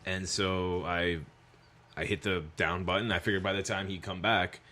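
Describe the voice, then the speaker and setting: A man co-hosting a podcast, questioning others and telling stories in relaxed casual chat. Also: deep voice, normal speed. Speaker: podcast co-host.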